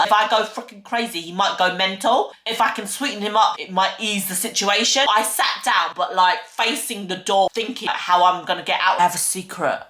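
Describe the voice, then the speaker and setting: A young woman vlogger telling a dramatic personal story to camera, animated and full of swearing. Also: mid-range voice, reverberant. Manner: animated, swears a lot, acts out her own thoughts.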